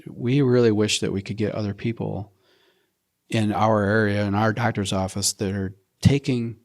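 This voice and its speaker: A middle-aged man telling his health story in an interview, animated, acting out his own quotes and often restarting sentences. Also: on the low side, normal speed.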